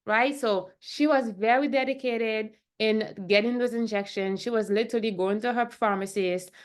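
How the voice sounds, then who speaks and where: A woman's voice: fairly high pitch, moderate pace. Chatty woman doctor talking to camera. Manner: chatty, keeps asking "right?" and "okay?". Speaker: functional medicine doctor. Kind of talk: casual talk to camera.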